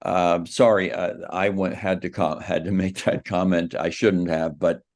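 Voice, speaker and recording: A man's voice: low voice, level tone, measured pace, darkish tone. A man moderating a forum, a little hesitant and apologetic, with many fillers.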